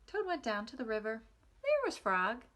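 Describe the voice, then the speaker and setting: A woman reading a picture book aloud to small children in a gentle, expressive way. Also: a little high, normal speed. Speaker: nursery school reader. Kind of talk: storybook read-aloud for children.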